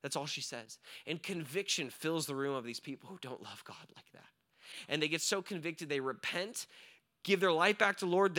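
High, bright-voiced young pastor preaching. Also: male voice. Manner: conversational, frequent "right?" and "like", swings from hushed to fervent. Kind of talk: sermon.

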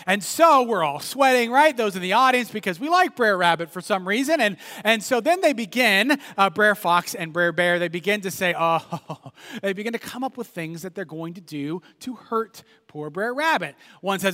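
A male pastor preaching a sermon, telling a story in an animated way and often checking in with "right?". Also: high-pitched, normal speed, long reverb tail.

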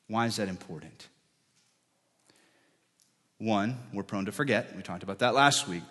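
A man preaching a sermon as pastor, dropping to soft, whispered lines when he speaks for God. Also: lowish voice, moderate pace, pauses often, breathy edge, long reverb tail.

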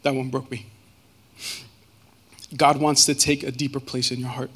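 A man giving a personal testimony as a guest speaker, earnest and halting, with many fillers and restarts. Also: medium pitch, flat delivery, a bit bright, husky.

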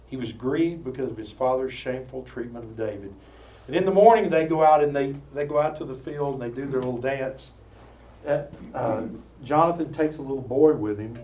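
A man preaching, telling the story with animated asides and jokes. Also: mid-range voice, a little hiss or hum. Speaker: preacher teaching a Bible study. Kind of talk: sermon. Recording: roomy sound from far off with faint ambience.

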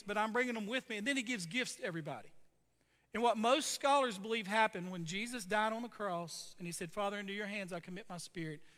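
Pastor, male, high and bright voice, sermon delivery, lots of "okay?" asides, church hall reverb. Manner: storytelling preacher, conversational asides.

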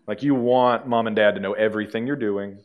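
A man's voice: lowish voice, fairly even intonation, a little fast, dull audio. A male pastor preaching a sermon to a congregation in a conversational way, with dry humor.

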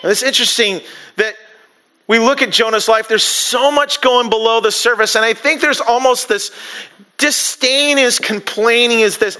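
High, bright-voiced man preaching. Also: moderate pace, clean tone. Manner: animated preaching, acts out quotes with rising pitch. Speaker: pastor. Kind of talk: sermon.

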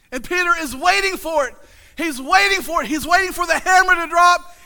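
High, bright-voiced preacher man. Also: lively intonation, normal speed. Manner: humorous, self-mocking, builds to shouted retellings. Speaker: pastor. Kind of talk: sermon.

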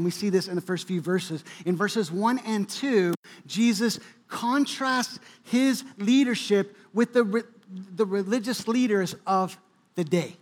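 A man's voice: high voice, a little slow. A male pastor delivering a sermon, preaching with bursts of emphasis and occasional restarts. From New England, US.

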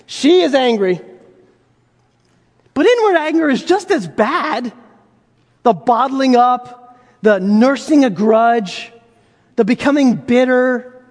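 Pastor, male, very high voice, chatty sermon delivery full of rhetorical questions, long hall reverb. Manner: conversational, rhetorical questions, acts out quoted voices.

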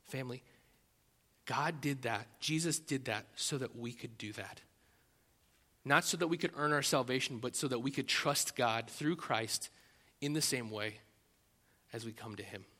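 A man preaching a sermon as pastor, animated, acting out loud rising prayers and often restarting his phrases. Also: mid-range voice, unhurried, in a large hall.

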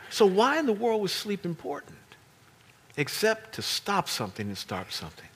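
A male pastor preaching with a husky, bright-edged voice that sits a bit high for a man. His delivery swings widely in pitch, animated and emphatic, with playful asides thrown in. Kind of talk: sermon.

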